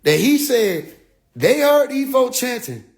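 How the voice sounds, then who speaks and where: A man with a notably high voice tells a story as a comedic rant. He is animated and profane, and his delivery is loose and full of slang. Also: takes it slowly, gravelly. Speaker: vlogger.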